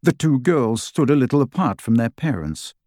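A man reading a story aloud as an audiobook narrator, in a measured, expressive way. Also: mid-range voice, no echo, clean studio sound. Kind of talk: scripted narration.

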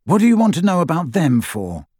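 A man's voice: huge pitch swings, fairly quick, a little mellow, dry recording, studio quality. Snape, read by a man as a brooding boy. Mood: guarded. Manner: low, hesitant, guarded. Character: brooding, awkward boy, defensive and intense.

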